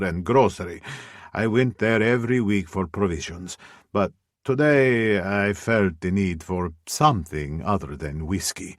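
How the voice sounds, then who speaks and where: A man reading a first-person audiobook in a measured, brooding way. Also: low voice, dry recording, clean studio sound. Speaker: audiobook narrator.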